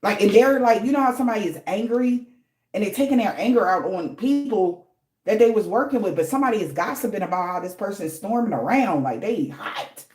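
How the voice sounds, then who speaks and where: A woman's voice: mid-range voice, expressive, a little fast, darkish tone. Woman reader, casual spiritual reading, blunt and profane, slangy, in a roomy echoing space. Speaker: tarot reader.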